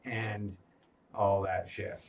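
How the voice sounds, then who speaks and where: A man's voice: fairly low pitch, little pitch movement, extremely slow, creaky, distant mic, poor audio. A man co-hosting a casual recap podcast, cursing freely as he retells scenes and quotes the characters. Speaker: podcast co-host.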